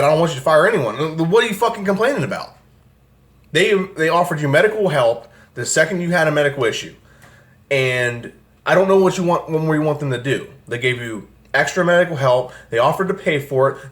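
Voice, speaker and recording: A young man rants at length about his football team, swearing often and sounding exasperated. His voice sits a little high for a man. He talks as a fan channel host from a room at home. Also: expressive, brisk, fairly bright tone. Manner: angry, profane, exasperated ranting. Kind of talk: ranting sports commentary vlog. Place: home room with air conditioner.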